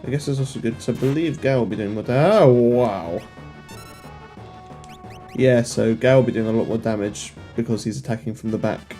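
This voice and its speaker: Rambling young man, mellow voice. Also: medium pitch, normal speed. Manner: rambling, self-deprecating, joking at the screen. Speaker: let's play host. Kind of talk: casual gameplay commentary. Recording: faint game music behind.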